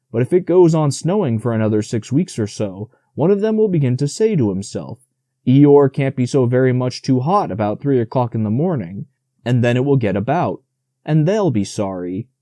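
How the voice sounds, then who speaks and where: A gloomy, grumbling old donkey, as a man puts him on, mellow and low in tone. He drags out his complaints slowly and sadly, like a figure from a storybook. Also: no echo, clean studio sound, natural voice. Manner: slow, self-pitying complaints.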